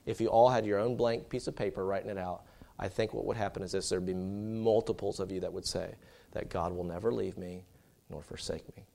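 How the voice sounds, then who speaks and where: A man's voice: sits low, steady tone, a little fast, creaky, warm tone. A man preaching a sermon in a conversational, storytelling way, with many fillers and restarts.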